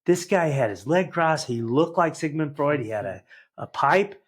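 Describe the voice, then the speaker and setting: A man in his sixties, a guest entrepreneur, tells life stories in a lively conversational way and acts out the dialogue. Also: fairly high pitch, normal speed. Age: 60s. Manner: animated anecdotal, acts out quoted dialogue. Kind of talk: conversational storytelling.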